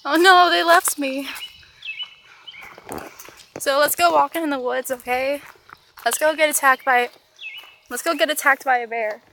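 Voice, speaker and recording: High, bright-voiced teen girl vlogging. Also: unhurried, pauses often, a little hiss or hum. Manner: dramatic, self-mocking, panicky. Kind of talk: casual vlog narration while hiking. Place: outdoors in woods.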